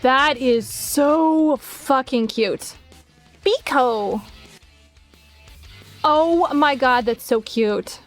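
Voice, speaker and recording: A young woman streaming live, chatting casually to her viewers, giggly and gushing, swearing now and then while she thinks out loud. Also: high-pitched, drawn-out words, long pauses, faint music behind. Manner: thinks aloud while searching on her computer. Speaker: art streamer.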